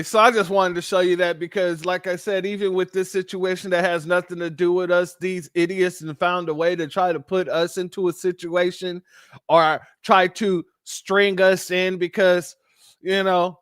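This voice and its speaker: A man's voice: sits high, a bit bright, smooth, no room sound, clean studio sound. A man hosting a commentary show, speaking indignantly and calling his listeners family. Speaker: host.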